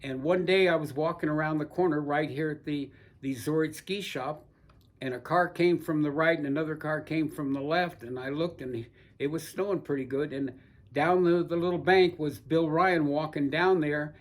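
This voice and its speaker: A man's voice: a little high, fairly even intonation, moderate pace. An older man telling rambling, folksy stories from his past in an oral history interview, with frequent restarts. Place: seated indoors in a barber chair.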